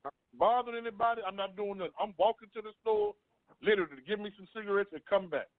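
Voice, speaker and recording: A man's voice: high-pitched, fast, dry recording. A man on a talk panel, earnestly telling a long personal story and often repeating himself. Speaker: panel guest. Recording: dry phone-line sound.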